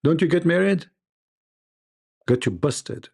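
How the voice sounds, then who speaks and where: Gravelly joking man telling stories. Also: a little high, expressive, takes it slowly, a little mellow. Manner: laughs at own stories, acts out dialogue. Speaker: live stream host. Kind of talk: joking live-stream monologue.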